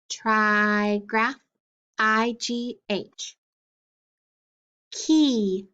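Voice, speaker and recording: A woman teaching phonics, sounding out words and letters slowly and deliberately. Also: on the high side, fairly bright tone, lo-fi sound. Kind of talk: slow phonics drill.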